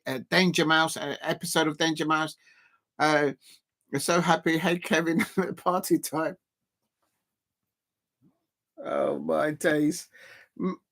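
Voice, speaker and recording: A man's voice: on the high side, fairly bright tone. A man streaming a live football reaction, chatty and laughing, calling out his viewers. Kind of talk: live match reaction commentary.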